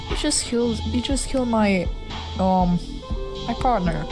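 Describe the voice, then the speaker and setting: A woman reads game text aloud during a casual playthrough and reacts with giggly, amused disgust. Her voice sits at a mid pitch, with clear game music playing behind her. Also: normal speed, poor audio. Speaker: gamer.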